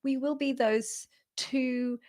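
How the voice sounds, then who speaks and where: A woman's voice: high voice, steady tone, takes it slowly, darkish tone. A woman co-hosting a live stream, speaking in an earnest, chatty way with some teasing. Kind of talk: casual live-stream chat.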